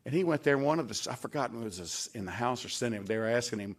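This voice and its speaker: A man's voice: medium pitch, lively intonation, fast talker, hardly any pauses. An older man giving a tribute speech at a dedication event, telling folksy anecdotes and acting out the lines he quotes. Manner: folksy storyteller, acts out quoted lines with a raised voice. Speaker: former staff member giving a tribute speech. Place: event hall at a podium.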